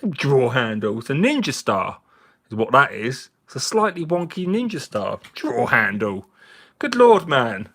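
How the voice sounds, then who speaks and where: A man's voice: mid-range voice, big pitch swings, unhurried, a bit bright. A man, slightly drunk, hosting a casual live chat with viewers, jokey and chatty and laughing often. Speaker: livestream host. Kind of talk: casual live chat while cleaning finds.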